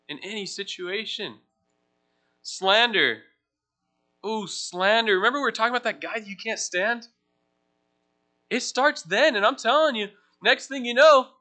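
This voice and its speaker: A young man with a high, bright, forceful voice gives a casual teaching sermon as a pastor in church. He keeps it conversational, putting questions to the congregation and making self-deprecating jokes.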